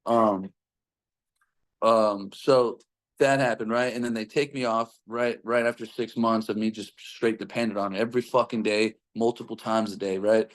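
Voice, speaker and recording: A man's voice: on the low side, fairly even intonation, normal speed. Young man swearing through a rambling story. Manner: rambling, heavy swearing, frequent fillers. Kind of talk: casual personal storytelling.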